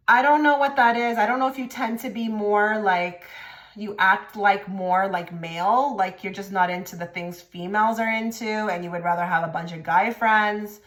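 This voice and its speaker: A woman giving a casual tarot reading to camera, direct and blunt, with many filler likes. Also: mid-range voice. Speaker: tarot reader. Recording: echoey room.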